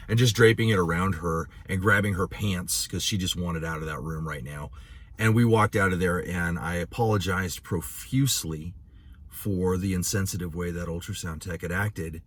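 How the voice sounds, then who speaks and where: Earnest, husky-voiced male midwife. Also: on the low side, fairly bright tone. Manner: earnest and emotional, many "you know" fillers. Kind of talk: educational talk with personal stories.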